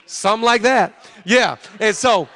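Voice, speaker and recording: A man in his thirties preaching a sermon, chatting with the crowd and building to loud preaching in a church. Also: sits high, measured pace. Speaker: pastor. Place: large church hall. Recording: long hall reverb.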